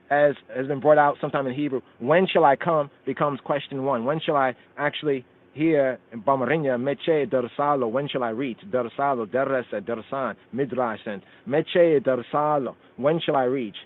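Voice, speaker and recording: A man's voice: mid-range voice, normal speed, hardly any pauses. A man hosting a radio scripture study, reciting verses in Amharic and Hebrew and explaining them word by word. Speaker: radio show host teaching scripture. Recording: phone-line call-in radio sound.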